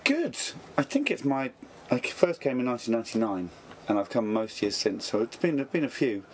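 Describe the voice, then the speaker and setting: A man in his thirties, a comedian guest in an interview, talking in a dry, deadpan, jokey way. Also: mid-range voice, a little fast, a little hiss or hum. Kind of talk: casual interview chat. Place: backstage dressing room at a festival.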